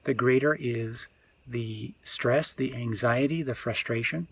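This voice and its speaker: A man, a spiritual teacher, giving an unscripted reflective talk, often pausing and restarting as he searches for words. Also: medium pitch, gravelly, breathy edge, no echo.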